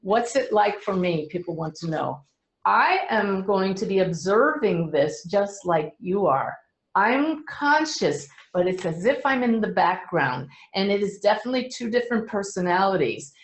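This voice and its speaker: A middle-aged woman who is a medium, speaking earnestly to a webinar audience with gentle humor. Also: mid-range voice, expressive, normal speed, echoey room, rough recording.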